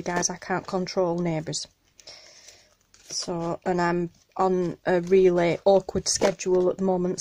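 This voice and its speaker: A medium-pitched woman from Northern England, speaking with a Northern English accent, hosts a craft channel from her home craft room, filmed on a tripod-mounted camera. She chats excitedly while unboxing craft mail, gushing over every item and apologizing for the noise.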